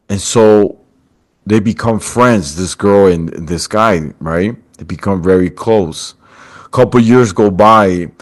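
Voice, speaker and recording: Low-voiced man telling a story. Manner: animated storyteller, acts out quotes. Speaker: podcast host. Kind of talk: casual storytelling chat.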